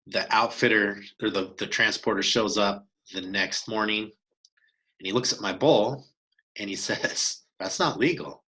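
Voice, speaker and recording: Man, bright forceful tone, slightly low voice, animated storyteller, casual podcast chat. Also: poor audio. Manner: animated, acts out quoted dialogue, many restarts. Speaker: podcast co-host telling a hunt story.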